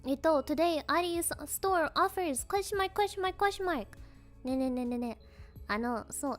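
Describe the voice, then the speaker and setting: Playful female streamer, high bright voice, giggly casual chat, soft music under it. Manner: playful, giggly, trips over tongue twisters; mixes in Japanese fillers.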